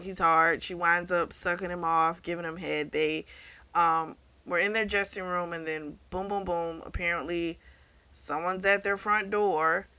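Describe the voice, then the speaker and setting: A woman's voice: lowish voice, sharp tone, dry recording. A woman hosting a book review channel, chattily recapping a romance novel's plot and slipping into the characters' quoted lines. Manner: chatty retelling with quoted dialogue.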